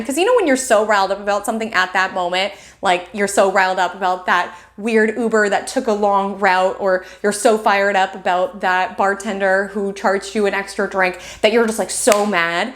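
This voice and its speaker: A woman's voice: medium pitch, brisk, hardly any pauses. A woman hosting a weekly astrology forecast, talking in a chatty way full of "like" and "right?", acting out little quoted inner voices. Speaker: astrologer host.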